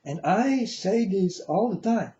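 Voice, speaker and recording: The vlogger's voice is high and mellow with lively intonation, and he takes his time. He rambles through a spiritual sermon-like monologue for his viewers in non-standard English, repeating himself and calling them folks, on a recording with the highs cut off.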